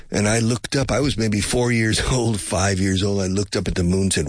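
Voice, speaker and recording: An older American man talking slowly to his listeners as an English teacher, musing, repeating himself and dropping in Spanish glosses. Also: lowish voice, no room sound, clean studio sound. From United States. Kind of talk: relaxed teaching monologue.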